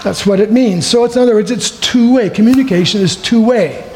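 A man with a high voice gives a relaxed, conversational sermon and talks easily to the room. The sound is echoey, as in a church hall, with faint room noise behind him. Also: a little fast. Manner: conversational, chatty asides to the room. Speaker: preacher. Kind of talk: sermon with a joke.

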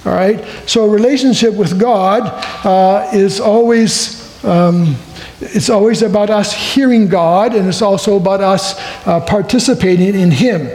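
A man's voice: high voice, unhurried, darkish tone. A man preaching a sermon and telling a joke first, in a chatty, conversational way with asides to the room. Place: church hall. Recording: echoey hall with faint ambience.

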